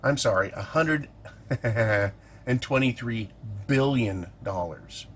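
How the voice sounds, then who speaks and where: A man's voice: medium pitch, slow pace, slight background noise. A middle-aged man ranting in an indignant, sarcastic vlog monologue about politics. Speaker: political commentator.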